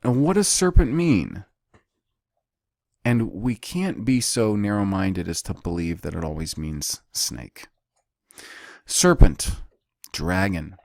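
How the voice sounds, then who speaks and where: A man with a low, deep voice leads a Bible study at an unhurried pace. He teaches deliberately, pausing between phrases and repeating key words. The recording is close and dry. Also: expressive, darkish tone, dry recording.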